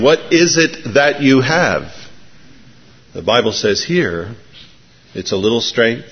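A male pastor delivering a sermon in a mid-range voice, explaining verses and spinning a story that builds in energy. He drops to quiet, reflective tones at times. The recording is slightly dull. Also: medium pitch, slow, slightly rough. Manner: storytelling, building excitement, then soft and reflective.

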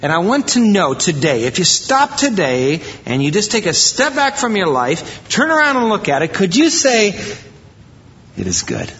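A pastor from Iowa giving a conversational, animated sermon to his church, acting out quoted voices now and then. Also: high voice, moderate pace, few pauses, husky. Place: church sanctuary. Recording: dull reverberant church recording.

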